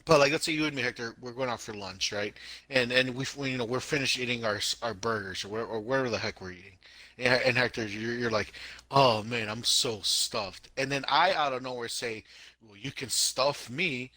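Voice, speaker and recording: A man co-hosting a casual podcast chat, talking in an animated, emphatic way and repeating himself for effect. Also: medium pitch, fast, dry recording. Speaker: podcast co-host.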